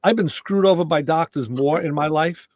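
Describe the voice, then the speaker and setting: A middle-aged man hosting a casual podcast conversation, telling stories in an animated way and acting out quoted dialogue. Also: a little high, normal speed, dry recording, studio quality. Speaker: show host.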